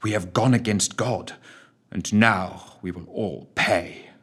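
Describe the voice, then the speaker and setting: A man's voice: lowish voice, slow pace, fairly bright tone, husky, full character voice. A man voicing a frightened statesman who speaks in trembling, doom-laden tones, in a storybook reading. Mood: fearful. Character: frightened older statesman, shaken and fearful.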